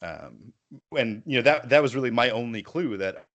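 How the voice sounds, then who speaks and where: A man's voice: mid-range voice, lively intonation, moderate pace, fairly bright tone, lo-fi sound. A man hosting a podcast, talking in a casual, rambling way with frequent restarts. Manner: rambling, self-correcting. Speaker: podcast host. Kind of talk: casual chat.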